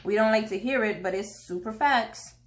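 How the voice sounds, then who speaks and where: A woman's voice: medium pitch, normal speed, noisy background. A woman from Haiti giving a casual tarot reading, slangy and chatty with jokey asides. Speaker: tarot reader.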